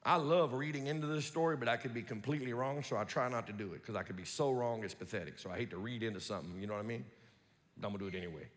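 A man preaching a sermon as pastor, folksy and reading scripture aloud, swinging from quiet musing to loud preaching. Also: medium pitch, very fast, big-room sound.

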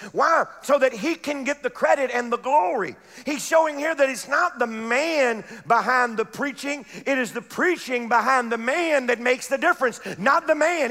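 A pastor preaching a fervent sermon, building to shouted peaks and dropping into laughing asides. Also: male voice, very high voice, in a large hall. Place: church sanctuary.

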